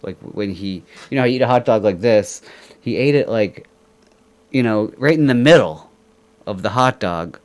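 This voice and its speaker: A man's voice: on the low side, animated, moderate pace, a little mellow. A man from Ireland hosting a casual chat show, joking and laughing often as he rambles. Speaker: podcast host.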